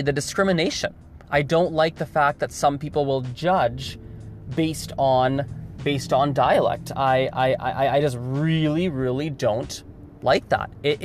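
A man's voice: a little high, a little hiss or hum. Male vlogger, casual monologue, emphatic with lots of restarts. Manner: emphatic, repeats words, restarts often. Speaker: video host.

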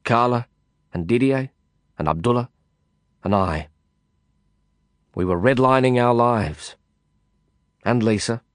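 A man reading a first-person audiobook narration in a measured, reflective way. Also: mid-range voice, no echo, studio quality.

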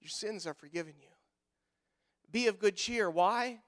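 A male pastor preaching a sermon in a church, swinging from loud emphatic lines to hushed ones and repeating words when worked up. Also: high voice, measured pace, long pauses.

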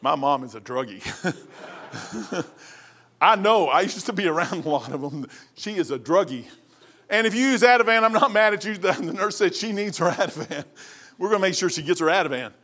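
A man, preaching fervently, swinging between shouted points and hushed asides. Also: sits high, lively intonation, a little fast. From Kentucky. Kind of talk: impassioned preaching.

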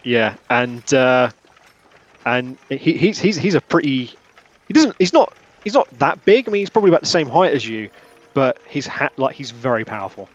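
A man narrating as game master, halting and rambling with many restarts. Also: mid-range voice, big pitch swings, dull audio.

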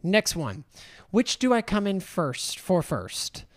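A woman injector hosting a casual chat, asking and answering questions about treatments in a brisk way. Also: fairly low pitch, sing-song.

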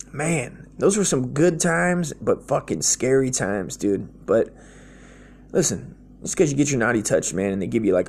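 A man's voice: medium pitch, a little mellow, slightly rough. An American man giving a rambling, profane comedic monologue, blunt and crude, peppering his talk with slang like "dude". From United States.

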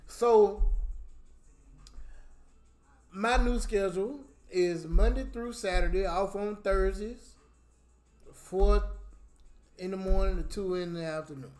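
A man co-hosting a casual podcast, telling a work story in an animated, heated way with frequent laughter. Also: high voice, takes it slowly, pauses often, faint music behind. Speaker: podcast co-host.

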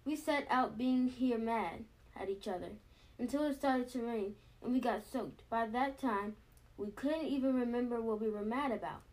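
A calm, thoughtful girl bear cub who talks things through gently, read by a woman. The voice is fairly high. It is a storybook read-aloud. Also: moderate pace, close to an everyday voice. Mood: gentle.

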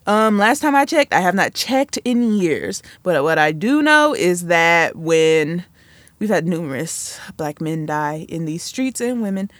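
A woman's voice: fairly low pitch, big pitch swings, measured pace, no room sound. A woman hosting a podcast, talking solo in a sassy, chatty way that drifts off on tangents. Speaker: podcast host. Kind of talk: casual solo commentary.

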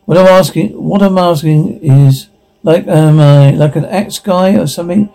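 Man, gravelly, mellow, halting, self-correcting, casual dialogue. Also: a little high, soft background music, rough recording.

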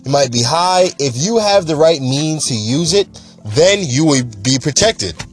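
A man hosting a casual cannabis news show, talking in an animated, chatty and emphatic way. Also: fairly high pitch, measured pace, soft background music.

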